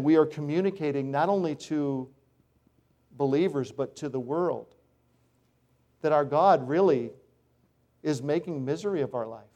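A middle-aged male pastor preaching a sermon, animated and acting out complaining voices now and then. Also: fairly high pitch.

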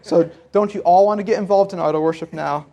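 A man's voice: sits high, fairly even intonation, fast, creaky, warm tone. A man preaching a sermon in a conversational teaching style, laughing now and then. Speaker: pastor.

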